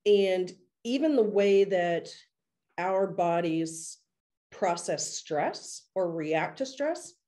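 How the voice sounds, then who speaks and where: A woman with a fairly low voice co-hosts a podcast, talking earnestly and at length. Her tone is casual and she now and then laughs at herself. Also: animated, takes it slowly, warm tone. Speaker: podcast co-host.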